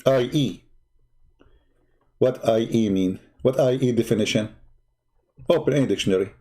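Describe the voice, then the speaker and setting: Mellow and mid-range, the man's voice moves at a normal speed. As an online broadcast host, he gives sarcastic, scolding livestream commentary that mocks his opponent, whom he often laughs at.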